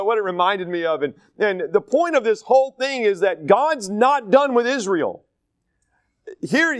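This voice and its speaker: A man's voice: very high voice, no echo. A man from North Carolina, teaching a Bible study in a conversational, digressive style full of stories. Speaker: pastor.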